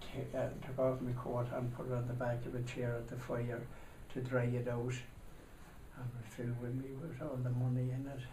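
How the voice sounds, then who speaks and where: A man's voice: mid-range voice, monotone, normal speed. Rambling man telling a story. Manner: rambling storyteller, acting out shouting voices. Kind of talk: telling a comic anecdote. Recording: echoey room, mic far off, noisy.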